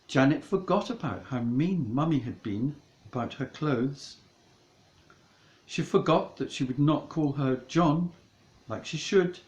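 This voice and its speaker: A man reads a comic storybook at an unhurried pace, his pitch rising and falling with mock-dramatic flair. He speaks at a middle pitch, and his voice carries an echoey room sound. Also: a little mellow. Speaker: narrator. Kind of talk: comic audiobook narration.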